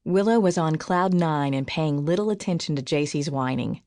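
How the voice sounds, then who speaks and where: Low-voiced woman reading an audiobook. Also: normal speed, darkish tone, no echo, studio quality. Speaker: audiobook narrator. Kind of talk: scripted audiobook narration.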